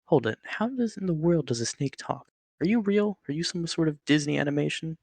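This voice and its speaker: A parched man stranded in the desert, croaking out anxious questions, as a man reading the story voices him. His speech is rough and gravelly, with the uneasy, questioning manner of someone who has just woken up somewhere strange. The sound is close and dry. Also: medium pitch, fairly even intonation, normal speed, no room sound, close to an everyday voice. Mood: bewildered.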